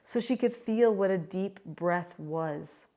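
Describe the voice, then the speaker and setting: A woman's voice: lowish voice, takes it slowly. Middle-aged woman, parenting coach, earnest chatty teaching to camera. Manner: earnest, chatty, with lively quoted asides. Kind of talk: casual instructional talk to camera.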